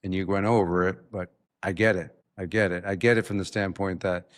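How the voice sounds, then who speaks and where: Man, interview host, deep low voice, encouraging, sums up what the guest says. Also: fairly even intonation, brisk. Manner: affirming, paraphrases the guest back. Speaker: podcast host. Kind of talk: interview conversation.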